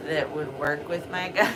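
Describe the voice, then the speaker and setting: Lively-voiced woman, noisy background. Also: fairly low pitch. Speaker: co-host, host's wife. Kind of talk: casual live chat.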